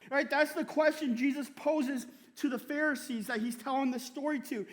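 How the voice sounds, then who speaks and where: A man preaching in church with a strikingly high voice, talking to the congregation like a friend. He keeps checking in with "right?" and slips laughs into his sentences. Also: fairly even intonation, normal speed, hardly any pauses, big-room sound. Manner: conversational preaching, tags many lines with "right?"; laughs often while speaking. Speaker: pastor. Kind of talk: sermon.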